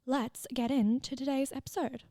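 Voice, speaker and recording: A woman's voice: sits high, steady tone, moderate pace, mellow, soft background music. A young woman in her twenties hosting her own podcast, talking candidly and casually, swearing freely and laughing often. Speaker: podcast host and fitness coach. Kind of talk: casual solo podcast chat.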